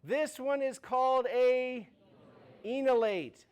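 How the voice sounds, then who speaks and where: A man putting on a creepy, drawn-out voice to announce chemical names in a lecture. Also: a little mellow, clear, resonant tone. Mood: eerie. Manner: slow, drawn-out, raised pitch.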